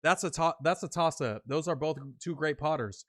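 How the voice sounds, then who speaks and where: A man's voice: on the high side, normal speed, fairly bright tone, no echo, studio quality. A young man from Northern California, hosting a casual livestream, reading chat messages aloud and answering them in loose, slangy talk.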